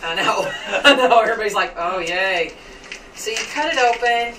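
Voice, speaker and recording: A woman's voice: medium pitch, expressive, moderate pace, heavy background noise. A woman chatting casually as she cooks, rambling and a little squeamish about raw meat. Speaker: home cook vlogger. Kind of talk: casual cooking chat. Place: home kitchen. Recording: distant mic with kitchen clatter.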